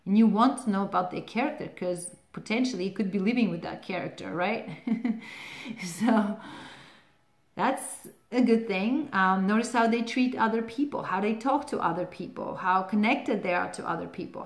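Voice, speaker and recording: A woman's voice: mid-range voice, normal speed. Chatty woman giving advice in a roomy space. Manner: chatty, laughs often, many "like" fillers. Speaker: relationship advice host. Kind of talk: casual advice talk to camera. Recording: roomy echo.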